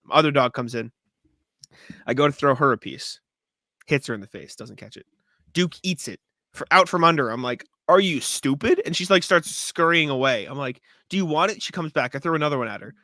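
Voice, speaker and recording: A young man co-hosting a casual sports podcast, telling stories in an animated way, swearing freely and laughing often. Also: mid-range voice, fairly quick, no echo. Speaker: podcast co-host.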